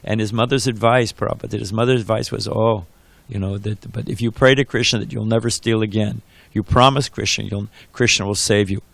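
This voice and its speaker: Gravelly man giving a devotional class. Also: on the low side, steady tone, a little fast, hardly any pauses, fairly bright tone, dry recording. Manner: conversational and rambling. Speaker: class speaker.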